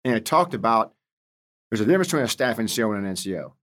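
Speaking very fast in a voice on the low side, a man in his fifties, a senior Marine leader, tells stories in an interview. He's an animated storyteller, blunt and salty in his wording.

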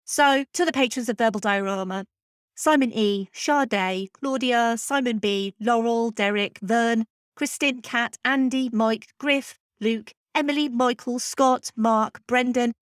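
A woman's voice: on the high side, a little slow, clean tone, no room sound, clean studio sound. Upbeat woman podcast host. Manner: chatty, enthusiastic, self-deprecating. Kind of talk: scripted podcast outro. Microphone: podcast microphone.

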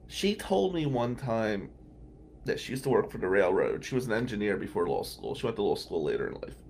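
A man's voice: lowish voice, sing-song, brisk, vocal fry, darkish tone, slight background noise. Rambling, chuckling male podcast host. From Atlantic City, New Jersey. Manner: rambling, conversational, chuckles between remarks. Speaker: podcast host and criminal defense lawyer. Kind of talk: casual anecdotal storytelling.

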